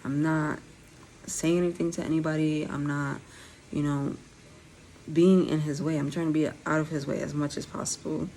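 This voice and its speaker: This young woman's voice is low and mellow with little pitch movement, at a moderate pace, on a low-quality recording with slight background noise. She's a casual vlogger, slightly lisping because of dental aligners, candidly telling viewers her own story in conversation.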